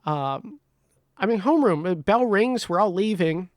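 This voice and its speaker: A man's voice: high voice, unhurried, no room sound, clean studio sound. A man telling a comedic story in a casual way, swearing freely and acting out the dialogue. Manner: animated, swears freely, acts out quoted dialogue. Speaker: podcast host.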